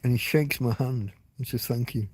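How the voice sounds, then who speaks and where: Tearful and speaking at normal speed, a middle-aged English vlogger recounts something personal in a loose, emotional monologue to camera. His mid-range voice carries a breathy edge and fairly even intonation, and he swears frequently and often restarts what he's saying.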